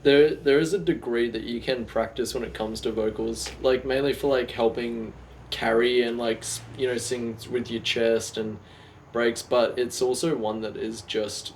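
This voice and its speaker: A man's voice: medium pitch, fairly even intonation, moderate pace, a little hiss or hum, rough recording. A young man in casual, jokey, rambling chat as co-host of a talk show. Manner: laid-back, rambling, jokey.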